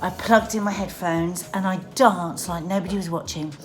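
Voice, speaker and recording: A middle-aged woman vlogging casually from her dressing room at work, chatty and excitable, out of breath. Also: on the low side, moderate pace, slight background noise. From England. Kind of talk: casual vlog monologue.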